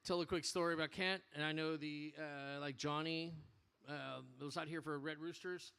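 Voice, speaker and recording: A man addressing his motorcycle club in a bar, telling an animated, profane story in casual speech. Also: fairly high pitch, normal speed, clean tone.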